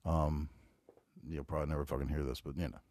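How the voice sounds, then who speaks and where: A man's voice: extremely low pitch, fairly even intonation, quick pace, darkish tone, dry recording. A man in his forties with a Southern accent from North Carolina, rambling casually and profanely as he hosts a solo podcast. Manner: rambling, profane, laid-back storytelling. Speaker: podcast host.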